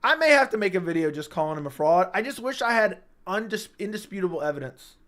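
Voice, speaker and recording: Animated high-voiced man livestreaming. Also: fast talker. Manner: animated, emphatic, repeats himself, swears freely. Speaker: livestream host. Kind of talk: casual livestream chat. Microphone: studio microphone.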